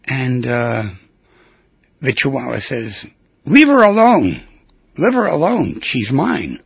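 Husky, gravelly man hosting call-in radio. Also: mid-range voice, no room sound. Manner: rambling, chatty, jokey. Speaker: radio talk show host. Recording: dull lo-fi radio broadcast.

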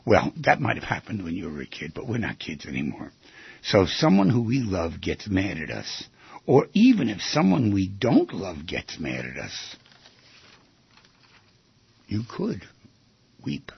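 A man giving an animated talk, firing off rhetorical questions and acting out quoted voices, on a slightly muffled lo-fi recording. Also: sits low, a little slow, creaky, pauses often, slightly rough, no room sound. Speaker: speaker giving a talk on relationships. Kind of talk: animated lecture to an audience.

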